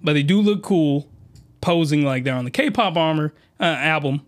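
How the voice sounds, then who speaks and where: A man hosting a comedy podcast, reviewing a comic in a slangy, rambling monologue with sudden shouted outbursts. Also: moderate pace. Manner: animated, jumps into high-pitched shouted outbursts; slangy, rambling, with many restarts.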